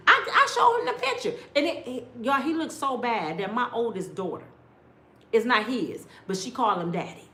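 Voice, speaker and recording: A middle-aged woman telling stories in a blunt, animated way, sometimes mimicking other people's voices. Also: fairly high pitch, moderate pace, reverberant. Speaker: storyteller. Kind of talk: casual storytelling rant.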